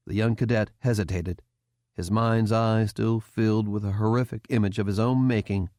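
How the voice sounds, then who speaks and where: With a fairly low pitch, this male narrator delivers a scripted audiobook reading in a calm, even storytelling manner. There's no echo, and the studio sound is clean.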